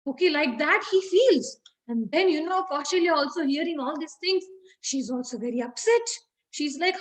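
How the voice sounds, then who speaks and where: A woman's voice: high voice, lively intonation, moderate pace, low-quality recording. A woman, teaching children by retelling a story in a chatty way, with many fillers and questions to the class.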